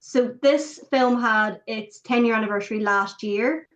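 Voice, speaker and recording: A woman's voice: fairly high pitch, measured pace. A woman with a Northern Irish accent hosting a podcast, chatting and laughing easily. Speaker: podcast host. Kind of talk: casual chat. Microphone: video call. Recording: dull lo-fi video call audio.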